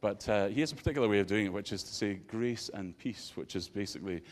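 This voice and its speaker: A man's voice: fairly low pitch, fast. A man, a pastor giving an interactive sermon and bantering playfully with his congregation.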